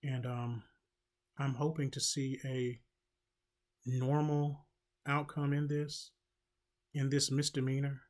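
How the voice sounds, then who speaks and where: A man delivers a casual commentary monologue at an unhurried, deliberate pace. He fills his pauses with ums and restarts, and drops in wry joking asides along the way. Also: medium pitch, little pitch movement, darkish tone. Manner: slow, halting, with many filler ums and wry asides. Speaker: commentary channel host.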